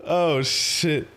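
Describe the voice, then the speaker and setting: A man's voice: on the high side, a bit bright, clean tone. A man live streaming, talking casually with his viewers, rambling through stories full of swearing and frequent laughter. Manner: profane, rambling storytelling, often laughing. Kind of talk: casual livestream chat with viewers.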